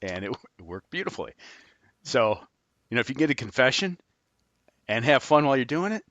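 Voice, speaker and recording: A man's voice: mid-range voice, a little fast, no echo, dull audio. A man, a former FBI agent, telling stories as an interview guest, acting out the dialogue and laughing often. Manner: animated storyteller, laughs often, acts out dialogue. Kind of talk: storytelling in a podcast interview.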